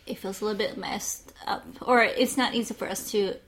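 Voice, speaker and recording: A woman's voice: medium pitch, fairly even intonation, brisk, fairly bright tone. A woman co-hosting a podcast in casual chat, hesitant and thinking aloud with many fillers. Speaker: podcast co-host.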